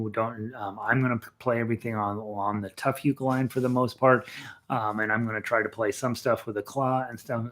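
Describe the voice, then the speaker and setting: A man leading a casual live ukulele lesson, talking in a rambling, chatty way full of fillers and restarts. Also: mid-range voice. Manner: sings rhythms with "bum" syllables. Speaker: ukulele teacher.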